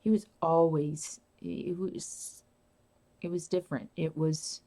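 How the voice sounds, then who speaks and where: A woman's voice: sits low, steady tone, slow, dark tone. A woman hosting a casual live stream, rambling and answering viewer comments as she talks.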